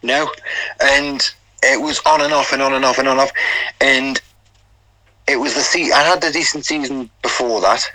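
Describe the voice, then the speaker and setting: A man's voice: mid-range voice, steady tone, moderate pace, pauses often, bright, forceful tone, no echo, poor audio. A middle-aged man with a Geordie accent, a former footballer telling rambling stories in an interview, full of quoted dialogue and restarts. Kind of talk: casual interview storytelling.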